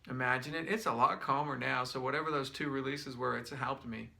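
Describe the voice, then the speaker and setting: A middle-aged man leading a guided breathing demonstration as a wellness instructor, talking gently and repetitively, thinking aloud with restarts, his eyes tearing up. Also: mid-range voice, a little fast, vocal fry.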